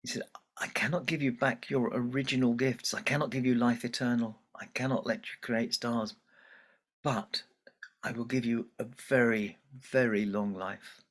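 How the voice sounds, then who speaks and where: A man telling a folktale at a storytelling festival, gentle and unhurried with self-deprecating asides. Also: mid-range voice, steady tone. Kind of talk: oral storytelling performance.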